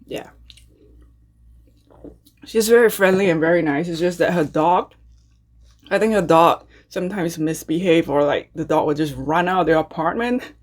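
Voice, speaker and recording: A woman with a somewhat low voice hosts an ASMR mukbang from her apartment. She talks casually and without hurry, filling the pauses between bites with soft murmurs of enjoyment. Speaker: mukbang host. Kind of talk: casual ASMR eating chat. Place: home apartment.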